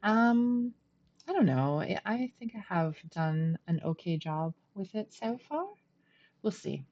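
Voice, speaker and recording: A woman's voice: medium pitch, lively intonation, slow, darkish tone, lo-fi sound. A middle-aged woman streaming a game from home, chatting casually, laughing often and poking fun at herself. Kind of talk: casual gameplay commentary.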